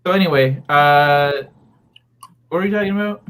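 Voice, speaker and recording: A man's voice: a little high, moderate pace, fairly bright tone, clean tone. A man hosting a live gaming talk stream in a casual, hesitant way, with lots of fillers and questions to his co-hosts. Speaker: host.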